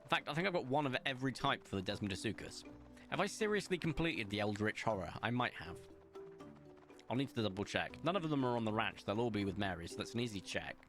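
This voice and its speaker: Fast and full of big pitch swings, a young man's fairly low, fairly bright voice carries his running commentary as he streams a game. He's in a home room with the window open, self-mocking and chatty with his viewers, while faint music plays behind.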